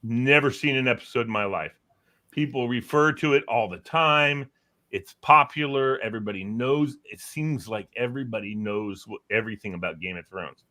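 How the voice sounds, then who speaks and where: A man hosting a casual chat, telling animated stories and mimicking voices. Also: medium pitch, normal speed. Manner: animated storyteller who mimics voices and dialects.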